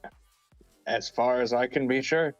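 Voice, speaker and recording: A man's voice: medium pitch, moderate pace, dull audio, soft background music. A man playing a tabletop game, playful and blunt, laughing often. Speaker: player. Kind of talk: tabletop role-play.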